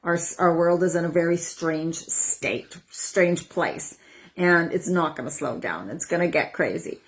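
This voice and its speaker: A woman over forty, a wellness coach, talking casually to her viewers, chatty and acting out her own inner voices with breathy sighs. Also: fairly low pitch, unhurried. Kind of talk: casual talk to camera.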